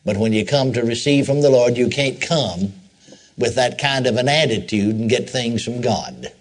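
A man's voice: mid-range voice, lively intonation, moderate pace. A male preacher giving a sermon in a folksy storytelling way, with repeated phrases and asides to the congregation.

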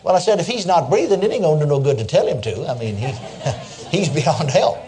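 A man's voice: a little high, animated, fairly quick, mellow. An older man preaching a sermon, telling stories in a folksy way and chuckling as he goes. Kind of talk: sermon with storytelling.

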